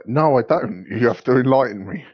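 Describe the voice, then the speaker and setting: A man's voice: mid-range voice, expressive, brisk, slightly rough, dry recording. A young man co-hosting a podcast, giving laid-back, short replies and laughing along. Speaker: podcast co-host. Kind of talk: casual chat. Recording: dull, dry lo-fi sound.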